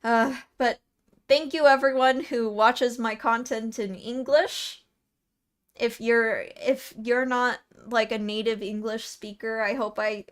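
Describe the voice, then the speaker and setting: Chatty Californian woman streamer, slow pace. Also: on the high side. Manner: chatty, laughs often, restarts words. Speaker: VTuber streamer. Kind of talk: casual live-stream chat, reading comments.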